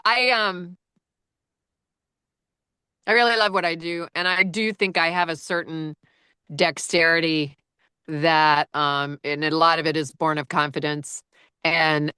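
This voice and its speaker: Low, bright-voiced chatty woman. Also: clean tone, no room sound, clean studio sound. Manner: chatty, laughs often while telling stories. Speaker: audiobook narrator. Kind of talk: casual chat.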